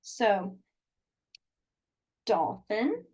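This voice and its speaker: A woman's voice: mid-range voice, wildly swooping pitch, very slow, darkish tone, husky. A woman teaching a beginner sign language class over a video call from a small room, explaining step by step in a chatty way and laughing often.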